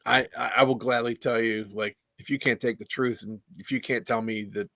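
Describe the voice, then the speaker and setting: A plain-spoken man telling wrestling stories in a podcast interview, swearing freely and speaking his mind. His voice is bright and forceful, recorded close and dry. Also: medium pitch, fairly even intonation, brisk, creaky, dry recording. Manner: blunt, profane, candid. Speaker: guest, pro wrestler and trainer. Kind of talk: casual interview storytelling.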